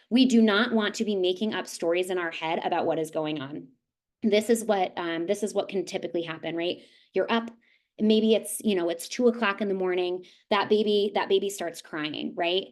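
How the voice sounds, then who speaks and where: A woman's voice: medium pitch, normal speed. A woman presenting a parenting webinar as a nurse, casual and conversational, often checking in with "right?" and acting out little scenes. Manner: conversational, with frequent "right?" tags and animated acted-out asides. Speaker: nurse and lactation consultant presenter.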